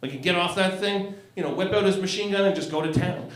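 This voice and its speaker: Brief: forties male stand-up from Canada, fairly high voice, crude and self-deprecating, roomy club echo. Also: fast talker, heavy background noise. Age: 40s. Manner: crude, self-mocking, laughs at own jokes. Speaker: stand-up comedian. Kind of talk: stand-up comedy set. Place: comedy club stage.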